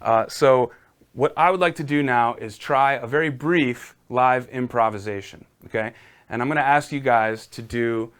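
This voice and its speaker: A man's voice: medium pitch, normal speed, a bit bright, clean tone. A man teaching a casual live-streamed piano lesson, encouraging and talking viewers through exercises.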